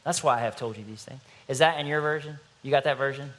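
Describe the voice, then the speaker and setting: A middle-aged man preaching a sermon as pastor, animated and playful, acting out little scenes. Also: mid-range voice, fast.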